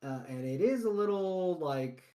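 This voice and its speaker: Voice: medium pitch, animated, unhurried, warm tone. A game master narrating a tabletop game in a loose, chatty way, often checking in with "right?".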